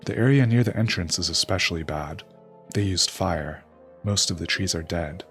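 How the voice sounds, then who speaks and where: A man's voice: low-pitched, moderate pace, fairly bright tone, faint music behind. A man reading out a sly, scheming male raven king from a game's dialogue.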